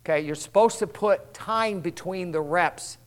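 A man's voice: sits high, unhurried. A male pastor preaching a rambling, folksy sermon with call-and-response asides to his congregation.

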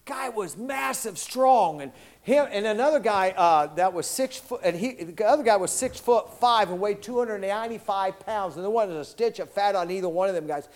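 A man in his sixties preaching a sermon in a folksy, animated way, calling out to the congregation for responses. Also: high voice. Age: 60s.

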